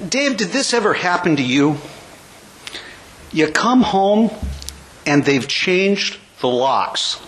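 An older man speaks in a high voice, telling a recovery story with wry, humorous timing. His talk is casual and conversational. A faint hiss sits under the recording. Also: a bit bright, poor audio.

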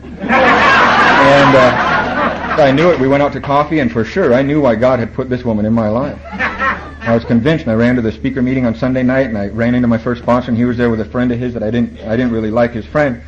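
A man tells his recovery story to a meeting, wry and self-mocking, acting out the voices of the people in it. His voice sits at an everyday pitch. The recording is dull and lo-fi, with a faint hum of room ambience behind it. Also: steady tone, a little fast. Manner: wry, self-mocking, quotes and acts out others.

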